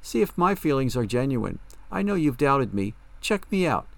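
A man's voice: medium pitch, sing-song, moderate pace, creaky, no room sound, pitched above the performer's own voice. A man voicing a guilt-ridden, secretive mother in an audiobook, pleading and defensive.

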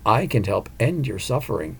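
A man voicing a calm, cunning female psychic who talks patiently and persuasively, in an audiobook. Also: fairly low pitch, moderate pace, vocal fry, slightly rough, heavily acted.

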